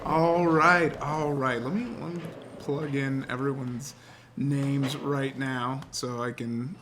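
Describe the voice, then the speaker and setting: A man's voice: mid-range voice, steady tone, slow, crowd noise. A man acting as game master, chatting casually and laughing often as he runs a tabletop role-playing game.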